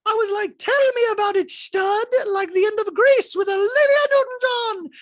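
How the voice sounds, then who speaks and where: A man voicing a shrill, giddy rich woman who squeals and breaks into sing-song nonsense sounds. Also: normal speed, a bit bright. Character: shrill giddy rich woman gushing about her husband.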